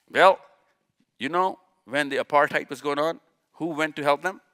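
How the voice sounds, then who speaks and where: A man's voice: fairly high pitch, normal speed, pushed and bright. A man from Pakistan, giving an impassioned religious lecture to a live audience, firing off rhetorical questions and repeating his points for emphasis. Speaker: speaker at a live session.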